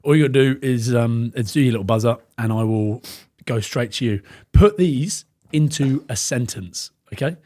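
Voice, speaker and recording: A man with a Glaswegian accent running a quiz in a casual podcast chat, bossy and quick. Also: medium pitch, mellow. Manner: bossy, fast, game-show quizzing.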